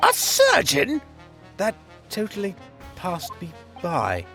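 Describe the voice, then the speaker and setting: A man's voice: high voice, huge pitch swings, takes it slowly, sharp tone, soft background music, exaggerated voice. A young defence lawyer questions a juror in a dry, wry way, as a man reads him in a game playthrough. The delivery swings up and down a great deal.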